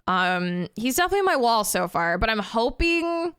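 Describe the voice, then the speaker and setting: A woman's voice: on the high side, big pitch swings, moderate pace, a bit bright, clear, resonant tone. A woman game streamer chatting casually with viewers, giggly and rambling. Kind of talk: casual live-stream chat.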